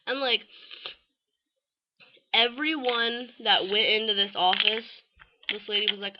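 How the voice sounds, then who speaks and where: A woman's voice: on the high side, normal speed, dull audio, very noisy. A teenage girl vlogging in a casual, rambling way, full of fillers and offhand swearing. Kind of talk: casual rambling chat to camera.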